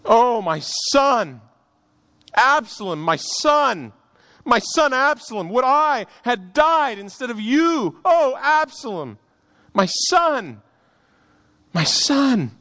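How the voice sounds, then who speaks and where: A man voicing a grieving old king who cries out for his dead son, in a wailing, drawn-out, strained high voice. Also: sing-song, sharp tone, no room sound, exaggerated voice. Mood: anguished.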